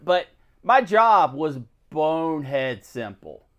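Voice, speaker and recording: A man's voice: a little high, takes it slowly, lo-fi sound. A man telling work stories in a casual chat, acting out what other people said. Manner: animated storytelling, acts out other people's lines. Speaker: co-host.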